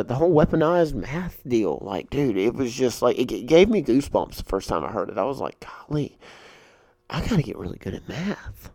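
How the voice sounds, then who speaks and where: Man, podcast host, rambling casual talk, smooth voice, dry sound. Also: medium pitch, a little mellow, dry recording. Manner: rambling, filler-heavy, frank. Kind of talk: casual storytelling monologue.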